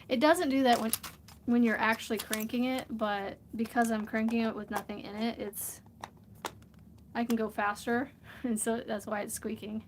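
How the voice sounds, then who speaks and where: On a crafting livestream, a crochet vlogger with a fairly high voice talks in a level tone at normal speed, pausing often. She rambles casually and laughs a lot while working, and there's slight background noise.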